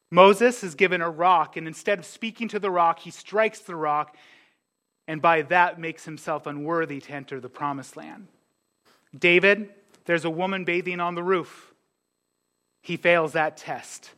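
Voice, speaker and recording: A man's voice: high-pitched, sharp tone. A young man preaching a sermon in an earnest, conversational way, often restarting his sentences. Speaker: pastor.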